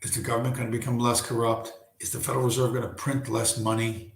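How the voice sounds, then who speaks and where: A man hosting a casual late-night livestream from home, hoarse and losing his voice, talking in a rambling, profane way full of restarts. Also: mid-range voice, flat delivery, fast, roomy sound. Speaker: livestream host.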